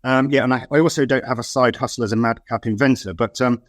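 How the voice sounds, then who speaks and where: A man from the West Country of England, a guest speaking in casual chat over a video call, hesitant with many pauses and a wry tone. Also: mid-range voice, fairly even intonation, no room sound, clean studio sound. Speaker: guest, head of local plans.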